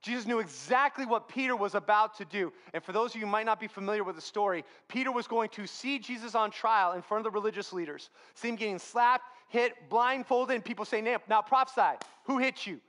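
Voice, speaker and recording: A man with a high voice preaches in a church. He tells the story with animated, acted-out dialogue. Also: brisk, hardly any pauses. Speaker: pastor. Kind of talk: sermon.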